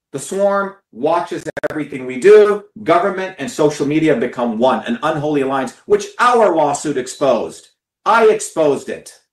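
A man's voice: on the high side, echoey room. A man giving an impassioned, profane talk to his followers, stressing and repeating words. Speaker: political speaker.

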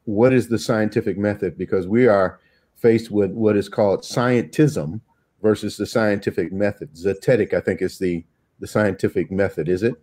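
A pastor hosting the interview, putting questions slowly and with care. His voice is low, husky and dark in tone. He sounds set back from the microphone, so he comes through distant and somewhat muffled. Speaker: pastor and host.

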